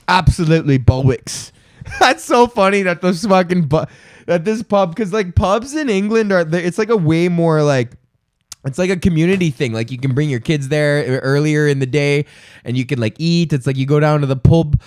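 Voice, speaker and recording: A man's voice: sits high, animated, moderate pace, no echo, studio quality. A man in his twenties hosting a comedy podcast, ranting profanely and rambling as he laughs at his own jokes. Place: room at home, on camera.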